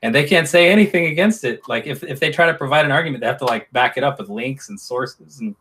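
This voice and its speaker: A man's voice: mid-range voice, fast talker, a bit bright. Casting: mid-voiced man, guest on a live stream, blunt, wry, emphatic. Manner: blunt, joking, emphatic opinions. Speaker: operations manager, guest. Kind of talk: casual live stream chat.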